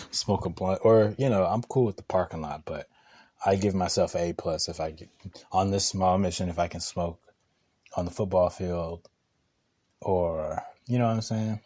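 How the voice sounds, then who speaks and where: A man's voice: low voice, unhurried, pauses often, dark tone. A young man telling stories on a podcast in a casual, slangy way, laughing often and rambling with restarts. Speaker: podcast co-host. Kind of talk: casual storytelling chat.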